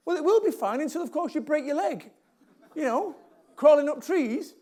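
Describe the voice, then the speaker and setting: High-voiced blunt Mancunian man. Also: lively intonation, normal speed, darkish tone. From Salford, England. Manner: blunt, jokey, repeats lines for emphasis. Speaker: motivational speaker. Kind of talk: live talk to an audience.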